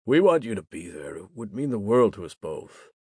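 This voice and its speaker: Male narrator doing a low-voiced, apologetic buddy with a husky tone, close and dry. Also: very animated, moderate pace, a little mellow, no room sound. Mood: pleading. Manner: apologetic, pleading. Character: remorseful young man, the narrator's best friend.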